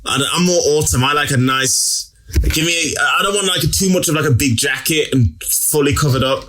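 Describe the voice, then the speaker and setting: A man's voice: fairly high pitch, brisk, pushed and bright, slight background noise. A man co-hosting a podcast in casual chat over a video call, laid-back and laughing often. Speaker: podcast co-host. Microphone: remote video call.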